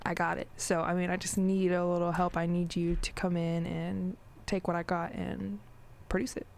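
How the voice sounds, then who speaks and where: A woman's voice: fairly low pitch, level tone, normal speed, creaky, darkish tone. A woman hosting her own podcast in casual chat, affectionate and giggly, gushing as she talks. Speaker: podcast host.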